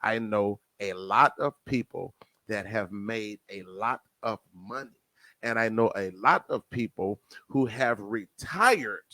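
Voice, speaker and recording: A man with a New Jersey accent hosting a casual podcast, addressing listeners as family and swinging between loud and soft. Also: lowish voice, expressive, slow, dry recording. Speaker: podcast host.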